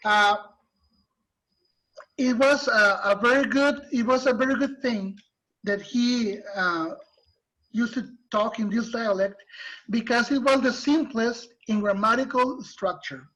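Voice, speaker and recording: A male literature teacher, lecturing patiently in an online class and explaining slowly with restarts. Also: very high-pitched, bright, forceful tone. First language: Spanish. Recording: muffled lo-fi recording.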